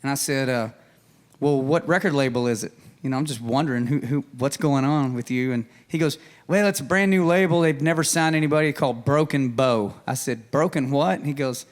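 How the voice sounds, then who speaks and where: A man, a songwriter guest telling an animated story and acting out the dialogue on a music show. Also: mid-range voice, fairly quick. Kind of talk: storytelling chat. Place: stage of a live music show.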